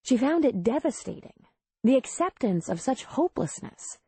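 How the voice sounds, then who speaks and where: A woman narrating a romance audiobook in a measured, even way. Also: on the low side, vocal fry, husky, no echo. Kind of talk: scripted narration.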